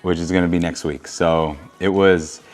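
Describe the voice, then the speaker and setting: A young adult man co-hosting, talking casually in a relaxed, earnest way. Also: low voice, moderate pace. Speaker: co-host recounting his proposal. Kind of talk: casual chat.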